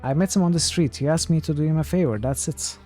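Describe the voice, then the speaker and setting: A man's voice: fairly high pitch, fast talker, a little mellow, soft background music, pitched above the performer's own voice, natural voice. A man voicing a young woman adventurer, reading her lines curtly in a slightly raised voice.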